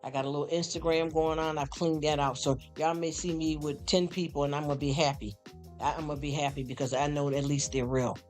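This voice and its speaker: Faint music plays as a man talks straight to his live stream viewers, addressing them as honey and y'all. He's rambling and sincere, often stammering and going over things twice, in a voice on the high side with a level, darkish tone and a fairly quick pace.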